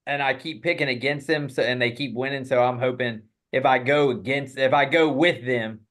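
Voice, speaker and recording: A man co-hosting a casual sports podcast, relaxed and quick to laugh while running a quiz. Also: medium pitch.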